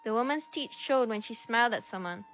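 A woman's voice: a little high, expressive, brisk, a bit bright. A woman reading a children's story aloud, shifting her voice a little for each character. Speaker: storybook reader. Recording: dull lo-fi recording with faint music.

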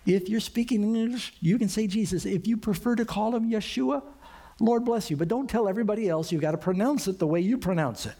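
Guy pastor giving a sermon, chatty, keeps asking the crowd questions, kinda high mellow voice. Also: a little fast. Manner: conversational preaching with rhetorical questions.

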